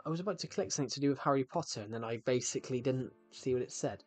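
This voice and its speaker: A man's voice: medium pitch, racing, faint music behind. A man streaming a game live, chatting to viewers in a rambling way and often cutting himself off mid-sentence. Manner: rambling, chatty, self-interrupting. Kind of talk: casual live-stream chat.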